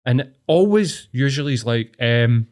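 A man's voice: medium pitch, lively intonation, moderate pace, darkish tone. Blunt sweary Scottish man ranting. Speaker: podcast host. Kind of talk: casual podcast chat.

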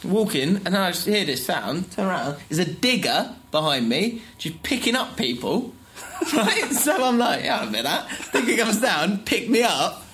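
A man's voice: high voice, moderate pace, few pauses. A man, telling stories in a casual podcast chat and laughing as he goes. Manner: animated, laughs through his anecdotes. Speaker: podcast co-host.

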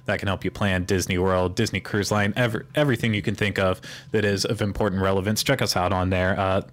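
A man's voice: low-pitched, little pitch movement, fast. A man co-hosting a podcast, rambling through casual chat with joking sarcasm. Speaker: podcast co-host.

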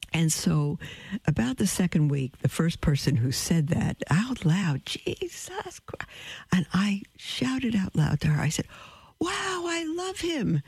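A woman hosting a call-in radio show, telling stories in an animated way and acting out the voices of the people in them. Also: sits low, creaky, breathy edge, no room sound. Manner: animated, acts out quoted voices, laughs often.

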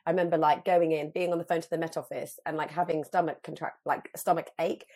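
A woman in her thirties, a guest telling a story in animated casual chat, full of fillers. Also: sits low, fast talker.

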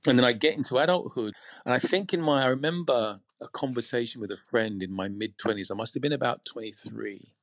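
An English man from the UK, speaking as a podcast guest in a reflective, measured way with frequent pauses. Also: medium pitch, no room sound, clean studio sound. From United Kingdom. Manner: reflective, measured, pausing often. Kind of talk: candid interview conversation.

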